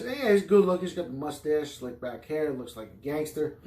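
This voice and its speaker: A man's voice: on the high side, lively intonation, moderate pace, warm tone. Profane rambling podcast man, echoey room. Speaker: podcast host. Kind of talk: rambling improvised comedy monologue.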